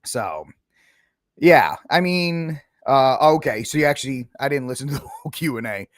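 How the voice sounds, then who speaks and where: A man hosting a casual political podcast, opinionated and mocking, sometimes acting out quick impressions of politicians. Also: medium pitch, lively intonation, no echo, clean studio sound. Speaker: podcast host.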